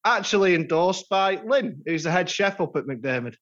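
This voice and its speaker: A man's voice: sits high, lively intonation, moderate pace, fairly bright tone. A man co-hosting a casual podcast with dry, mock-formal humour. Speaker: podcast co-host. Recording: dull lo-fi sound.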